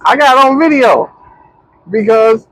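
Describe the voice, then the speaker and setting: A young man, chatting casually as a podcast co-host and telling a story with lively, slangy quoting. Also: extremely high pitch, slow, no echo, poor audio. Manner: animated, slangy storyteller who acts out quotes.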